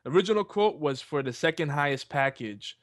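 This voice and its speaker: A man's voice: on the high side, lively intonation, fairly quick, no echo, clean studio sound. A man co-hosting a podcast in casual chat, easygoing, swearing and saying "dude" as he vents. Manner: casual and laid-back, says "dude", swears. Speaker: podcast co-host.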